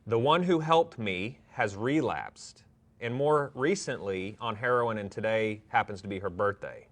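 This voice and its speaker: A man's voice: lowish voice, a little slow. A man co-hosting a live-streamed recovery talk show, friendly and loose, often repeating words as he talks. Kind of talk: casual live-stream chat.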